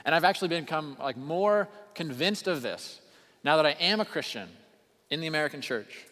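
A man preaching a sermon as pastor, earnest, moving between quiet intensity and raised emphasis. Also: on the high side, expressive, moderate pace. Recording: long hall reverb.

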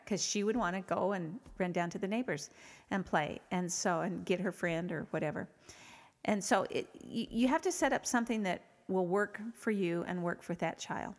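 A woman's voice: on the low side, moderate pace. A middle-aged woman giving parenting advice in a conversational way, sharing personal stories and often restarting her sentences. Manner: earnest, rambling with frequent restarts. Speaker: parenting expert guest. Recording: reverberant hall with faint music.

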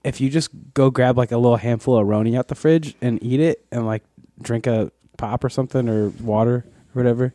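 A man's voice: mid-range voice, steady tone, fairly quick, mellow, no echo, studio quality. A man co-hosting a podcast in casual, rambling chat, swearing freely. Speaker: podcast co-host.

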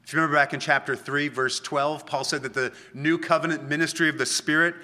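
Bright-voiced man preaching a sermon. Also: a little high, steady tone. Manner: conversational teaching, frequent "right?" tags, slow emphatic quoting of scripture. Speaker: pastor.

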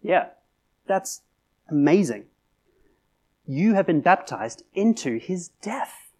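A man's voice: high voice, very animated, slow pace, mellow. A man preaching a sermon in a conversational way, with fillers and restarts, building to emphatic peaks. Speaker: pastor.

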